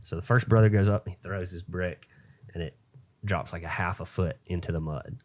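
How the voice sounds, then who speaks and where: A man's voice: deep voice, brisk, darkish tone. A young adult man co-hosting a podcast, telling a long shaggy-dog joke in a rambling, filler-heavy way. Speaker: podcast co-host.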